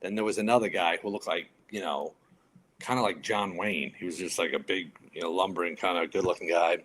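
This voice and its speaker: A retired New York firefighter in his fifties, appearing as a podcast guest, tells stories with lively energy and acts out other people's lines in a casual storytelling interview. He has a deep voice and talks a little fast.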